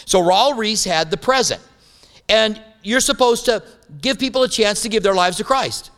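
Man, pastor, sermon, humorous storytelling, smooth resonant voice, long reverb. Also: high voice, moderate pace, a bit bright.

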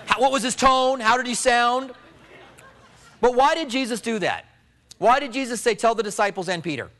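High-voiced man preaching a sermon. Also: expressive, moderate pace. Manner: storytelling, swings from loud emphasis to low hushed tones. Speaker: pastor.

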